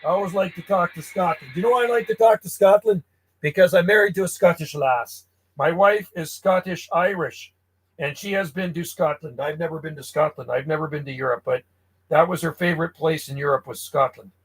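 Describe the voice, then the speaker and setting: A man from Canada chatting and calling stations live from his home radio room as a ham radio operator, friendly and relaxed. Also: on the high side, fairly quick, husky, low-quality recording.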